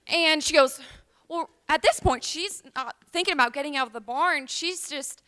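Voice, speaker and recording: A woman's voice: high-pitched, moderate pace, bright, forceful tone. A woman from Tennessee, telling a rambling tall tale at a liar's contest, full of ums. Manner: chatty, rambling, with many ums.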